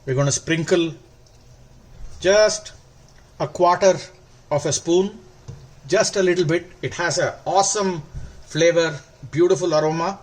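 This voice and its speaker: A man hosting a cooking video, explaining each step slowly and warmly praising the food. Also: fairly high pitch. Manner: slow, instructive, gently enthusiastic. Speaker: cooking show host. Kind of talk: cooking demonstration.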